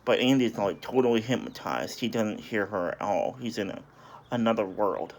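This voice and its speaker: A man's voice: on the low side, moderate pace, slight background noise. A man casually recapping a story, hesitant and apologetic, with many restarts and self-corrections. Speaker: video reviewer.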